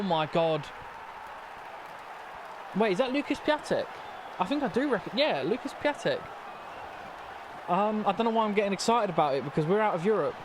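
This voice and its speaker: A man's voice: on the high side, a little hiss or hum. A young man commentating his own football video game, flustered and stammering as things go wrong. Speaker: gaming commentator. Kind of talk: casual gameplay commentary.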